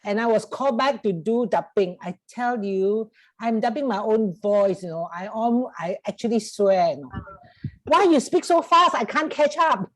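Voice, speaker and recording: A woman's voice: mid-range voice, a little mellow, dry recording, low-quality recording. An older woman from Singapore with a Singaporean English accent, chatting on a panel over a video call, sprinkling Singlish particles and laughing as she talks. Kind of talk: casual panel talk.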